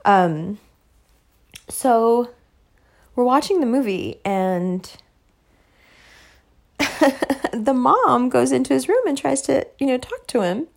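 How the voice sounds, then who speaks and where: A woman's voice: on the high side, lively intonation, slow, vocal fry, pauses often. A woman telling a personal story in a casual monologue, emphatic and heavy on profanity, laughing often.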